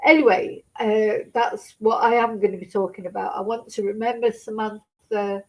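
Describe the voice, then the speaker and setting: A woman's voice: medium pitch, fairly even intonation, moderate pace, rough recording. A middle-aged woman chatting on a live stream, tearful and upset, swearing and laughing nervously between sentences. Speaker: true crime streamer. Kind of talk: casual live-stream chat.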